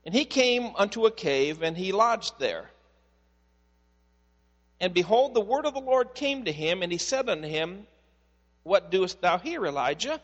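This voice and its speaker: High-voiced pastor in an echoing hall. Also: male voice, normal speed, pauses often. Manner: conversational storytelling, animated. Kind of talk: sermon.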